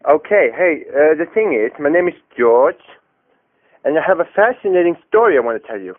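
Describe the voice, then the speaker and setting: A man's voice: fairly high pitch, big pitch swings, a little fast. A man telling a rambling comic story on a prank phone call, hesitant and full of fillers and restarts. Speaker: prank caller. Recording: tinny phone line.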